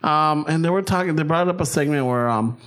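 A man telling a story in casual chat, animated and profane, switching between English and Spanish. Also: fairly high pitch, a little fast, clear, resonant tone.

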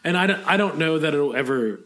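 A man who makes spirits, chatting casually on a podcast and telling animated stories with plenty of swearing. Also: fairly high pitch, fairly quick. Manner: animated storyteller, swears freely. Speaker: spirits producer and podcast co-host.

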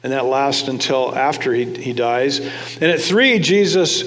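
A man's voice: medium pitch, lively intonation, measured pace, a bit bright, big-room sound. A man preaching a sermon in a conversational way, reading scripture and asking the congregation questions. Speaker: pastor.

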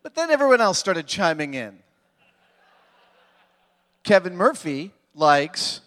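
A man's voice: sits high, very animated, fairly bright tone. A man telling playful stories to a live convention audience from the stage. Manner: playful, joking, quick bursts. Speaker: stage guest speaking at a fan convention. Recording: reverberant live hall.

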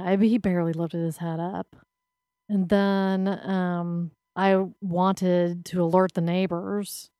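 A woman's voice: fairly low pitch, warm tone, smooth, dry recording, studio quality. A woman co-hosting a podcast, telling a story in a plain-spoken, earnest way in casual chat. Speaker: podcast co-host.

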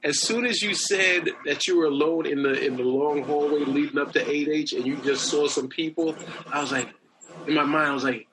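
A man hosting a casual chat, relaxed and encouraging, with short reactions. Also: fairly high pitch, a little fast. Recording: background noise.

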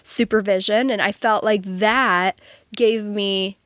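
Speaking slowly in a steady, slightly bright, medium-pitched voice, this marketing coach in her thirties gives a relaxed, chatty interview full of "um" and "like." The studio-quality recording has no room sound.

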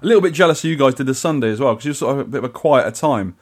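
A man co-hosting a casual podcast talks quickly, tumbling through his stories with frequent restarts. His voice sits at an ordinary middle pitch. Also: expressive. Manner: chatty, rambling with restarts. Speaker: podcast co-host. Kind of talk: casual chat.

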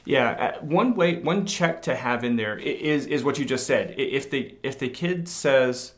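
A middle-aged man co-hosting a parenting talk show, thoughtful and halting, often restarting his sentences. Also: medium pitch, animated. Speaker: podcast co-host. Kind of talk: casual parenting advice chat.

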